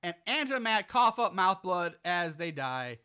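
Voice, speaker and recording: Podcast host, male, bright voice, profane exasperated recap style. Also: high-pitched, very animated, moderate pace, clean tone. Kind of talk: casual movie recap.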